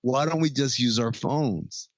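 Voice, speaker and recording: A man's voice: medium pitch, a little slow, dry recording. Man recapping a movie, dry lo-fi audio. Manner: profane, laughing while retelling scenes. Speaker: podcast co-host. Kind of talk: casual movie recap chat.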